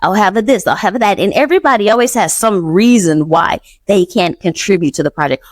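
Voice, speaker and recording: A woman hosting a podcast, telling a personal story in a casual, animated way, acting out quotes and laughing often. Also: medium pitch, brisk, few pauses, no room sound. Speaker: podcast host.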